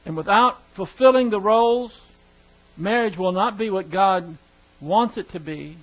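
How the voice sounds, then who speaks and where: A man's voice: high-pitched, measured pace, highs cut off. A man preaching and teaching, making emphatic points with rhetorical questions and acting out quoted dialogue. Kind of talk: sermon-style teaching with prayer.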